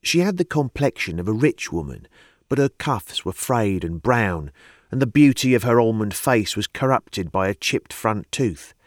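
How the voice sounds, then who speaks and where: A man narrating a historical novel as an audiobook, measured and storytelling. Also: fairly low pitch, no room sound, clean studio sound. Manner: measured storytelling, lively intonation.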